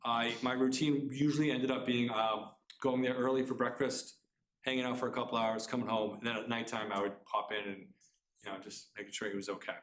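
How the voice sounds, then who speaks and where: A middle-aged man telling a personal family story to a live audience, talking fast and earnestly, often restarting his sentences. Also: mid-range voice, little pitch movement, a bit bright, slight background noise. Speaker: author giving a talk. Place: community center room. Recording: roomy hall sound.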